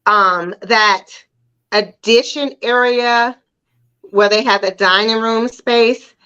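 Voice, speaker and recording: A woman's voice: fairly high pitch, slow pace, sharp tone, clear, resonant tone, muffled recording. Chatty woman retelling her reactions. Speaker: talk show co-host. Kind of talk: casual chat about TV shows.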